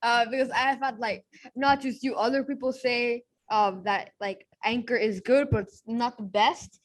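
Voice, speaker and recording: A woman's voice: a little high, fairly even intonation, normal speed. A young woman hosting a podcast interview, talking casually with lots of "like" and "um". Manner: casual, filler-heavy with "like" and "um". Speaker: podcast host.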